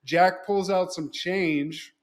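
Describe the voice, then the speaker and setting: A man co-hosting a podcast, retelling a movie in casual, animated, profane storytelling. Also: high-pitched, slow. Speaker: podcast co-host.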